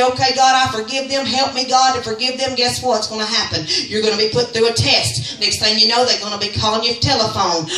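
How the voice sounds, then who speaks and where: Woman, fervent sermon, bright high voice, echoey church, distant mic. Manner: fervent preaching, rising to near-singing peaks then dropping low. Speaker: Sunday school teacher. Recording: roomy echo, speaker off-mic.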